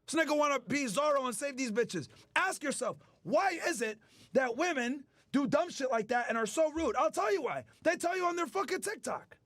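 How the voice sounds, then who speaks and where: In an angry, profane commentary, a streamer with a very high-pitched, fairly bright voice mocks the people he's talking about. His intonation is lively and his speed normal, captured in a dry, studio-quality recording.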